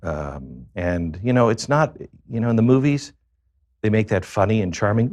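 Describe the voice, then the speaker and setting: A man being interviewed as a guest, telling a confessional personal story in a halting way, with many pauses and fillers. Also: fairly low pitch, lively intonation, no room sound, clean studio sound.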